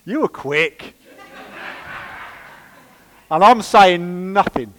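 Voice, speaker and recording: A man preaching a sermon in church, lively and conversational with playful asides. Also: high voice, drawn-out words, slight background noise, low-quality recording. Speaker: pastor.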